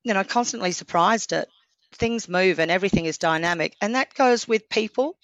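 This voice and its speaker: A woman in her forties from Australia, a podcast guest telling stories in a lively, chatty way and acting out what people said. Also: medium pitch, brisk, dry recording. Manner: lively storyteller, acts out quotes. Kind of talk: casual interview chat.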